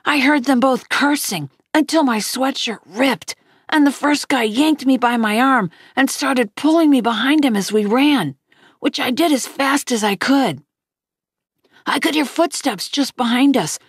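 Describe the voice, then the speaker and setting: Slow, husky-voiced woman reading aloud. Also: fairly high pitch, no room sound, clean studio sound. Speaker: audiobook reader.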